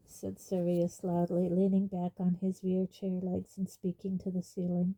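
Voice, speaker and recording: A woman narrating a fantasy storybook aloud in a measured, even reading. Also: fairly low pitch, low-quality recording. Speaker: audiobook reader.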